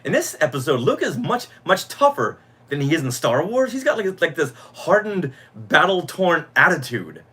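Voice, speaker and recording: Man, middle-aged, podcast co-host, slightly higher voice, enthusiastic, nostalgic, casual chat. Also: very animated, normal speed, fairly bright tone, slightly rough.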